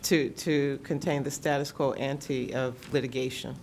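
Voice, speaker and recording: Low-voiced woman asking for clarification. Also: fairly even intonation, measured pace, darkish tone, slight background noise. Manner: questioning, asks for clarification. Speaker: committee member. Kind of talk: formal meeting discussion.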